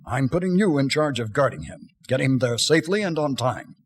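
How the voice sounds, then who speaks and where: A man's voice: medium pitch, lively intonation, fairly quick, breathy edge. An actor playing a male boss who hands out an assignment in a businesslike way in an anime dub.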